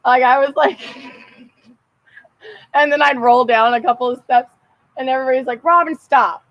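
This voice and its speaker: A woman's voice: high-pitched, moderate pace, no room sound, dull audio. Profane, rambling young woman storyteller. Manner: profane, animated, laughs often. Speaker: vlogger.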